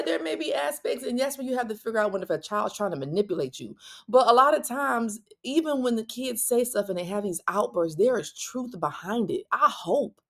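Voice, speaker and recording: A woman hosting a solo parenting podcast, talking directly and bluntly to listeners, with quick asides and restarts. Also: mid-range voice. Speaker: podcast host.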